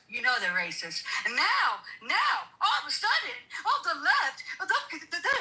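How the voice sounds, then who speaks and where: Woman guest, high and very bright voice, preachy and emphatic, repeats herself. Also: rough recording. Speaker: guest commentator. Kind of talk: heated political talk.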